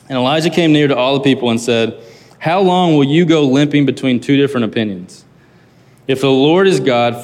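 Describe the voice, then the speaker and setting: Male pastor preaching in a reverberant hall. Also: medium pitch. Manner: casual and conversational, mixes scripture reading with lively asides. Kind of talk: sermon reading and explaining scripture.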